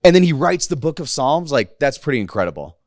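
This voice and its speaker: A man's voice: on the high side, very animated, quick pace, a little mellow, no room sound, studio quality. A man in his thirties preaching a casual, conversational sermon to a congregation, slangy and playful, acting out the quotes. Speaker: pastor.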